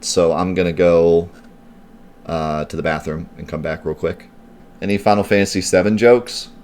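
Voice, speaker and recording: A man's voice: low-pitched, steady tone, normal speed, a little mellow, slight background noise. A man streaming a video game live, chatty and rambling as he answers viewers' questions, with lots of "like" and "um". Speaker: let's play streamer. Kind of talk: live gameplay commentary.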